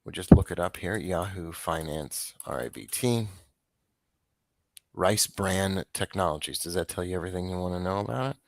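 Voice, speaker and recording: A man hosting a casual stock market show, rambling and restarting as he talks through trades, with a dry, flat tone. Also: sits low, moderate pace, dry recording. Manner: rambling, self-interrupting, offhand.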